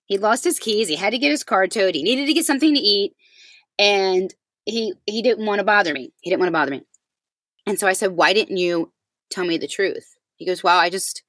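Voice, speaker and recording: A woman chatting on a talk show, telling a personal story in an animated way and acting out the quoted voices. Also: mid-range voice, brisk, no room sound. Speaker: podcast co-host. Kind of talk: casual chat.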